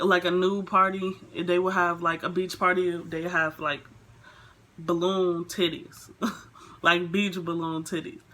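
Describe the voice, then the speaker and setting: A young woman vlogger telling a storytime in a casual, rambling way, full of fillers. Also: fairly low pitch. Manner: rambling, filler-heavy, animated retelling.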